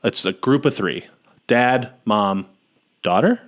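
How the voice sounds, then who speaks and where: A man's voice: lowish voice, slow pace. A man co-hosting a comedy podcast, recapping a horror film with jokes and self-mocking asides. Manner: animated, jokey, self-mocking, sudden outbursts. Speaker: podcast co-host. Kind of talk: casual comedy podcast chat.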